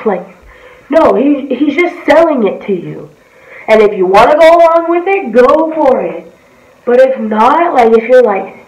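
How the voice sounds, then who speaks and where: A woman's voice: high voice, animated, measured pace, a little mellow. A woman giving a blunt, profane, heated reaction commentary as a vlogger. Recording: roomy, distant from the mic.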